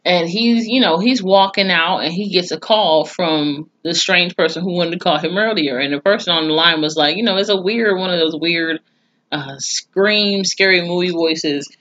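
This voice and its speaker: A woman's voice: lowish voice, moderate pace, a bit bright, muffled recording. A woman giving a blunt, chatty recap of a TV episode, swearing freely and reacting with mock disgust. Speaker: TV episode reviewer. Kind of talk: casual spoken recap.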